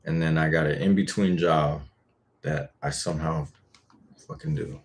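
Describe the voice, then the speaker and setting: A man's voice: a bass voice, normal speed. A man voice actor chatting casually on a live stream, laid-back, thinking aloud and swearing freely.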